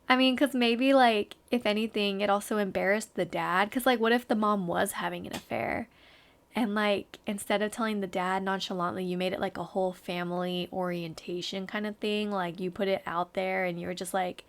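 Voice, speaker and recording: A woman's voice: mid-range voice, moderate pace. A woman in her twenties hosting a podcast, chatting casually and with animation as she reacts to a story, with her throat getting a little sore. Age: 20s. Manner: chatty and animated, heavy use of "like" and "y'all". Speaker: podcast host.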